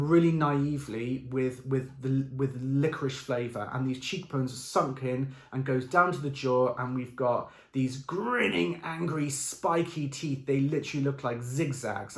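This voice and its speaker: A man who describes a painting as if it were a recipe, playful and excitable, with many fillers and restarts. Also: mid-range voice, echoey room. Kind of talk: improvised audio description.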